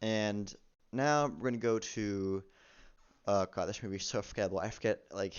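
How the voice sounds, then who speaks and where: Man, low voice, amateur movie review rant, rambling, swearing, many restarts, dull lo-fi sound. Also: fairly quick, clean tone. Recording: dull lo-fi recording.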